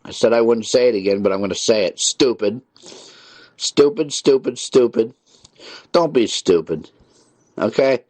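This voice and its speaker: A man's voice: on the low side, fairly quick, a little mellow, dry recording. A male call-in radio host scolding prank callers in an irritated, repetitive way. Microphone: studio mic with headphones.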